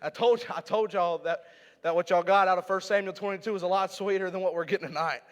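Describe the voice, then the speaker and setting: A young man preaching a sermon in a church, loud and fervent, stretching words for emphasis and stumbling over restarts. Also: sits high, steady tone, quick pace. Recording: long hall reverb.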